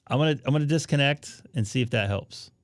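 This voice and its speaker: A man hosts a casual live stream about amateur radio, talking to viewers as he troubleshoots his setup out loud. He talks fast in a mid-range voice, with no room sound.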